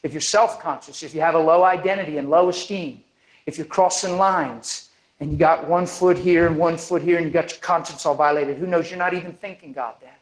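A man preaching a sermon, telling a story with lively energy and acting out the people in it. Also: fairly high pitch, a little fast, poor audio. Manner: animated, acts out the people in his stories.

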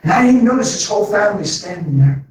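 A man telling a story as a preacher, animated and excitable, often calling people "man". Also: high-pitched, racing. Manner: animated, says "man" often, sped-up bursts. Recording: echoey hall from far off, faint noise.

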